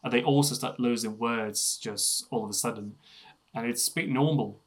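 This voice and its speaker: A man's voice: medium pitch, normal speed, slightly rough. A man who speaks English as a second language, with a Russian accent touched by British sounds, explaining things in casual chat and often restarting his phrases. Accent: Russian with a British tinge.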